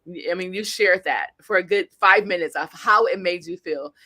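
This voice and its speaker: A woman guest speaker and coach telling stories in an interview, animated, acting out the quotes and speaking straight to the audience. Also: on the low side, moderate pace, no room sound. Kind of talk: storytelling interview.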